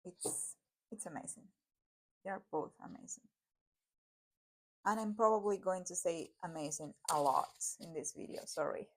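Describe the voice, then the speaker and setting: A woman's voice: lowish voice, moderate pace, pauses often. Woman, Argentine Spanish accent, native Spanish speaker, casual vlog, chatty, apologetic, lots of fillers. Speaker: tarot YouTuber. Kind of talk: casual deck review vlog.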